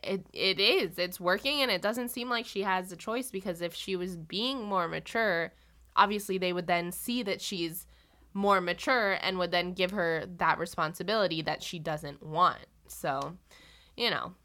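A woman's voice: lowish voice, moderate pace, sharp tone. A young woman co-hosting a podcast, rambling casually with many "like"s and playfully imitating characters as she recaps a TV episode. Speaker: podcast co-host.

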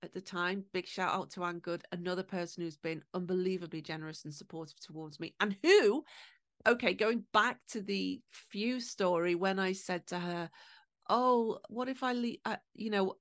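A woman's voice: lowish voice, a bit bright, dry recording, clean studio sound. A middle-aged woman hosting a podcast, telling personal stories in a candid, emotional way. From England. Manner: emotional, candid, with swearing and quick asides. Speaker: podcast host. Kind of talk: personal storytelling monologue.

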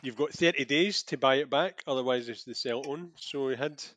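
Easygoing podcast co-host. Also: male voice, mid-range voice, moderate pace, fairly bright tone, no echo. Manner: easygoing, chips in with trivia. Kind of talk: casual film chat.

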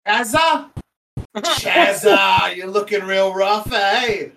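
A man voices a flippant young male parakeet. He drawls slowly in a somewhat high voice and keeps swearing and laughing. A faint hiss sits under the recording. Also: expressive, vocal fry, heavily acted, low-quality recording. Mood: mocking.

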